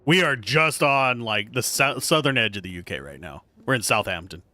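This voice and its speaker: Lively joking male game streamer. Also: medium pitch, moderate pace. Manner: joking, reads game text aloud. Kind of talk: casual live gameplay commentary.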